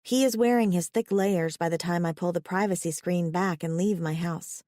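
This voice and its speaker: Low-voiced woman narrating an audiobook. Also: moderate pace, dark tone, no echo, studio quality. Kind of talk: first-person romance audiobook narration.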